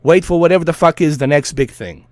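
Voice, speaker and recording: A man's voice: a little high, fast talker, a little mellow, no room sound. A man streaming while he plays, ranting in a heated, profane, repetitive way. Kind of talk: ranting monologue over a flight sim.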